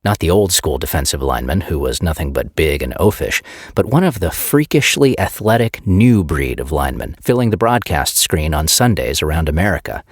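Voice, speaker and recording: A man with a very low voice reads an audiobook with an animated, expressive delivery. The recording is close and dry, with no room sound. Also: fairly quick, breathy edge, no room sound. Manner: expressive storytelling. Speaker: audiobook narrator. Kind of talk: scripted narration.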